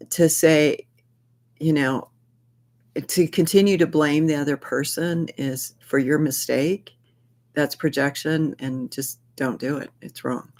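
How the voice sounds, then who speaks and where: A man leading a workplace training session, speaking earnestly and acting out sample dialogues. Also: fairly high pitch. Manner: earnest, repeats key phrases, acts out sample dialogues. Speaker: workshop facilitator.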